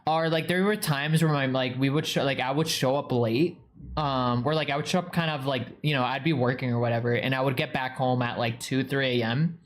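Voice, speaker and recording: A man's voice: medium pitch, steady tone, a little fast. A young man with a New England accent chatting casually on a stream, rambling, full of "like" fillers and swearing. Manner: rambling, heavy use of "like" and swearing. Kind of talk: casual live-stream chat reading viewer comments.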